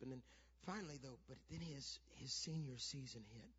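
A middle-aged pastor telling a family story in a sermon, building from quiet storytelling to shouted preaching. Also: male voice, medium pitch, a little fast, husky. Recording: dull lo-fi sound.

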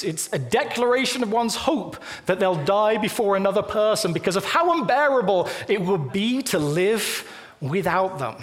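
A man preaching a sermon in a church, talking in a conversational, animated way and acting out little quoted lines. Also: high voice. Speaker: pastor. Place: church auditorium.

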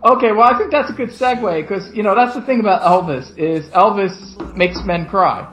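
A man's voice: high voice, moderate pace, a bit bright, rough recording. A man from Philadelphia co-hosting a casual chat, rambling and swearing often, laughing as he talks. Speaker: podcast co-host.

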